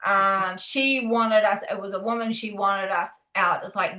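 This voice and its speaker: A woman's voice: medium pitch, steady tone, sharp tone. Chatty New woman in an echoey room. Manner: halting, full of fillers and restarts. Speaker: paranormal investigator. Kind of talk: casual chat. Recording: roomy echo.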